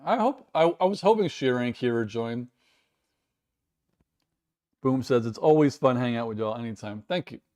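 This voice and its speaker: A man's voice: medium pitch, lively intonation, normal speed, long pauses, a little mellow. Chatty American man streaming live. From United States. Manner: rambling, chatty, self-deprecating. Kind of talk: casual live-stream chat reading viewer comments.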